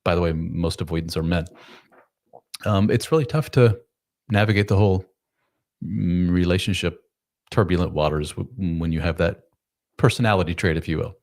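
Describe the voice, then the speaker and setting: A man's voice: deep voice, normal speed, long pauses, a little mellow. A man hosting a live advice stream, answering chat questions about marriage in a blunt, casual way with some swearing. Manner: blunt, casual, and profane, full of fillers; acts out spouses' lines in voices. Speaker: relationship coach and author, host.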